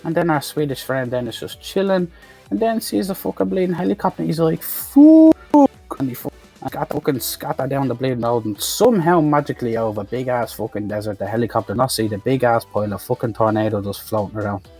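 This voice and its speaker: A man's voice: medium pitch, fast talker, darkish tone, breathy edge, soft background music. A man giving a profane, mocking comic recap of a film as a reviewer. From Ireland. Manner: sweary, ranting, mocking.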